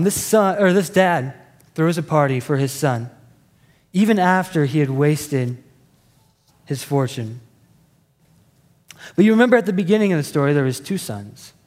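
A male pastor delivers a sermon as lively, conversational storytelling. His voice sits high for a man, and a long reverb trails each phrase in the hall.

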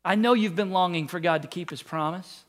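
A man's voice: sits high, fairly quick. A man preaching a sermon, telling a story and acting out the quotes in it, with jokes and asides. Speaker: pastor.

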